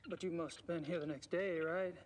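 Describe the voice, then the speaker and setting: Game lead: male actor as a curious investigator, high voice, casual probing questions. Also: steady tone, brisk, slight background noise, close to an everyday voice. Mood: inquisitive. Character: curious young man investigating at a zoo. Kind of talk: video game dialogue.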